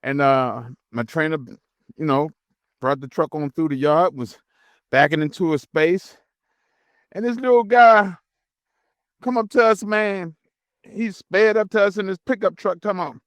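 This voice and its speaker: A middle-aged man with a drawl co-hosts a trucking podcast. His voice sits a bit high for a man and sounds close and dry. He tells stories casually and animatedly, acting out the people he met. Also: measured pace, pauses often, no echo. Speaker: podcast co-host, truck driver. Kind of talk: casual storytelling.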